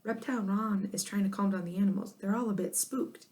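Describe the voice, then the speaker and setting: A woman's voice: mid-range voice, brisk, a little mellow, distant mic, natural voice. Lady reading a chipper animal show guy, storybook. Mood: concerned. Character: cheery male animal-show performer.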